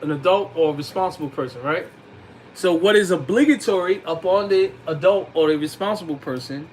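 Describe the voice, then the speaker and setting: Guy with kinda high voice teaching kids religion class, super casual slangy talk, drops arabic phrases, faint ac hum. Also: a little fast, poor audio. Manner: colloquial, slangy, addresses youths directly; recites Arabic phrases between English explanations. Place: classroom with young students.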